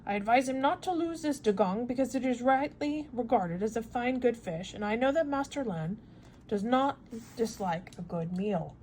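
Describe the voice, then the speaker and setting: A calm, commanding ship captain from a read-aloud storybook, put on by a woman reader. He speaks in a measured, assured way, in a fairly high voice. Faint hiss lies behind. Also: natural voice.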